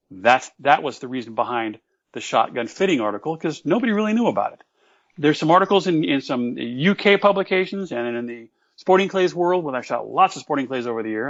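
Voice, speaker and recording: A man guest explaining technical details earnestly in an interview, and he admits that he tends to ramble. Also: medium pitch. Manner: earnest, explanatory, self-aware about rambling. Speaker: guest, shotgun expert. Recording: slightly dull, lo-fi audio.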